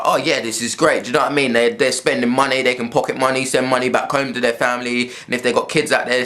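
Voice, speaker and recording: A man's voice: mid-range voice, fairly bright tone. Heated man ranting at home. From England. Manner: heated, swearing, repeats himself. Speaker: vlogger. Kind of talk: casual rant to camera. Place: room at home with a TV.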